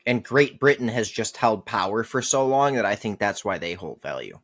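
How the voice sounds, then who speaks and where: Young male co-host, low animated voice, blunt with casual swearing, headset mic. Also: moderate pace. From United States. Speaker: podcast co-host. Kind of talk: casual chat.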